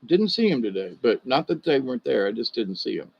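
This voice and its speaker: A man's voice: mid-range voice, sing-song, brisk, gravelly, husky, dry recording, highs cut off. A man, telling folksy stories and rambling with chuckles. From Georgia, US. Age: 60s. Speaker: monologue host.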